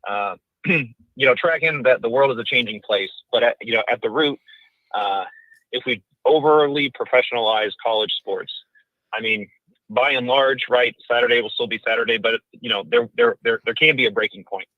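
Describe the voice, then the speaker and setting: A man's voice: medium pitch, moderate pace, dry recording. A man calling into a show by phone, rambling through his point with many fillers. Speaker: caller. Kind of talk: casual chat. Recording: tinny, dry phone line.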